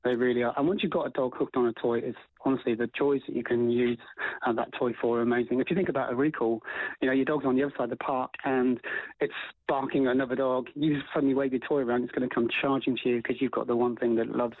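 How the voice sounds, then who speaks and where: A man giving dog training advice as a guest on a radio show, animated and full of fillers and restarts. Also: mid-range voice, fast, dry recording, narrow, tinny audio.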